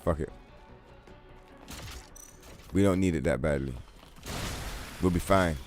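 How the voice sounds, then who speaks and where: A man's voice: deep voice, takes it slowly, a little mellow, faint music behind. A man chatting casually and profanely while streaming a game, rambling through long comparisons and laughing. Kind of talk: casual gaming livestream chat.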